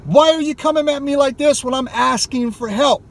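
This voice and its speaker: A gaming YouTuber vlogs from inside his car, launching into an impassioned, heated rant and swearing freely. His voice is very high-pitched and moves at a normal speed.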